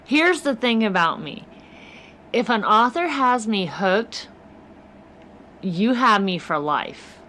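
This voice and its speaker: A woman's voice: mid-range voice, animated, slow pace, long pauses, pushed and bright, a little hiss or hum. A woman co-hosting a podcast, chatting casually and easily amused. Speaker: podcast co-host. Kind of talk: casual chat.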